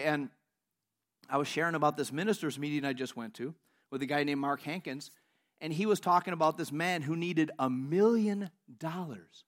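High-voiced pastor guy preaching, animated, laughs a lot, tells stories. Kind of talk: sermon.

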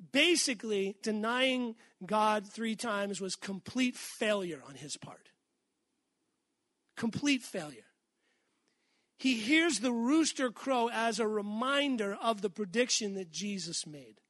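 Guy preaching, high voice, earnest and emphatic, keeps asking for amens. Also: lively intonation, slow, a bit bright, no room sound. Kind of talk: sermon.

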